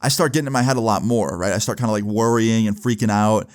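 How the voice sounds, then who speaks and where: A young man telling a personal story in a casual vlog, animated, with lots of fillers. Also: lowish voice, fast talker. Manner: animated, swearing, fillers like "like" and "right". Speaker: vlogger.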